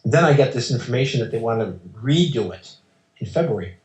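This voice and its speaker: A man's voice: medium pitch, lively intonation, a little fast, a little mellow. A man as an interview guest, telling a personal story in an emphatic, insistent way and acting out the exchanges. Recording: roomy echo.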